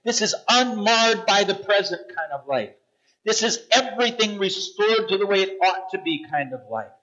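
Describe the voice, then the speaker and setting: A man preaching a sermon, animated and emphatic, with repeated punchy phrases. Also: sits high, normal speed, no room sound, muffled recording. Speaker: pastor.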